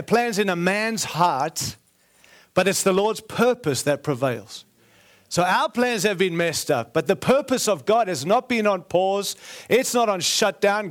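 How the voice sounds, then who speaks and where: Earnest preacher man with Australian-American accent. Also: sits high. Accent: Australian-American mix. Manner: earnest, jokey asides, repeats phrases for emphasis. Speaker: guest preacher. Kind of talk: sermon.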